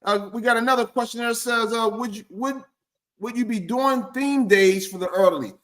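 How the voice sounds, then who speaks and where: A man's voice: very high-pitched, a little fast, a bit bright. A man hosting a live stream interview, joking and teasing his guests in playful banter.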